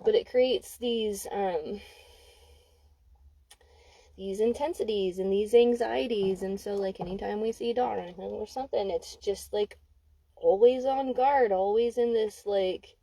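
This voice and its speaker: Candid woman reading cards, mellow voice. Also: mid-range voice, measured pace, no room sound, low-quality recording. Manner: candid, swears freely, emphatic. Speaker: intuitive card reader. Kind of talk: casual spoken card reading. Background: dog barking.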